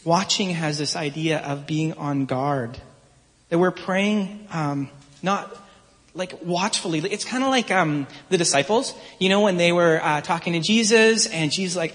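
A man in his thirties preaches in an easy, earnest, anecdotal way, his voice sitting slightly higher than typical for a man. He talks like a pastor chatting with his congregation. The sound rings out with a long reverb, as in a large church hall. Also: measured pace, a bit bright. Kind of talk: conversational sermon.

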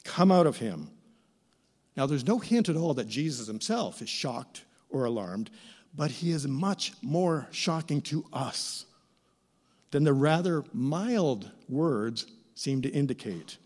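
A middle-aged man preaching a sermon as pastor, with expressive, theatrical emphasis. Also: medium pitch, takes it slowly. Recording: reverberant church hall.

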